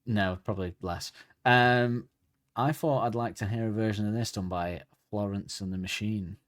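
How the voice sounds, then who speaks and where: A man's voice: on the low side, normal speed. A man co-hosting a casual music podcast, rambling and hedging as he chats. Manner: chatty, rambling, hedging asides. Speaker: podcast co-host.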